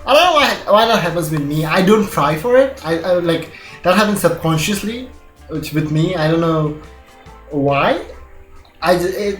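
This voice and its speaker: A young Indian man with a slightly high voice, rambling and laughing as he vlogs from home. He curses casually and jumps between jokes. The room is echoey, with faint music underneath. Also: animated, normal speed, a bit bright. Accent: Indian English with British-leaning vowels. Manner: laughs often, swears casually, jumpy joking asides. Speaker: gaming channel vlogger. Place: home room, recording near a window.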